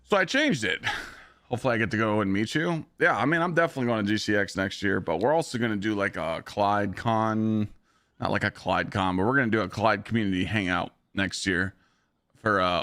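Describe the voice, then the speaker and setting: A hoarse man chatting casually on a live stream and telling a story with animated energy. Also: on the low side, a little fast, dry recording, studio quality. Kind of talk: casual chat.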